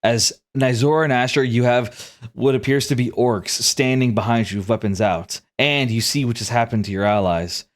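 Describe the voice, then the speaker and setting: A man's voice: mid-range voice, normal speed. A man narrating and ruling as game master of a tabletop game.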